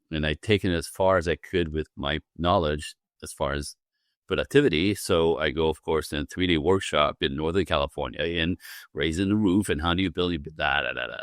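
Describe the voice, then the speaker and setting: A man's voice: rumbling low, dry recording, clean studio sound. A man, a relationship coach, telling a personal story in a casual podcast interview, acting out the quoted lines with big swings in his voice and laughing often.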